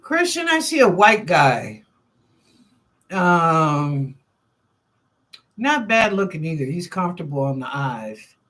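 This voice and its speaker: A woman's voice: sits low, very animated, slow pace, pauses often, fairly bright tone. A woman hosting a live stream of psychic readings, answering chat questions in a chatty, informal way, thinking aloud and repeating phrases. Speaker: psychic reader and show host.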